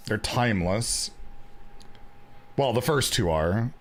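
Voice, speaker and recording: A man's voice: fairly low pitch, lively intonation, measured pace. A man, chatting casually while streaming a card game, joking and often repeating his words as he thinks aloud. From Canada. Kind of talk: casual gameplay commentary.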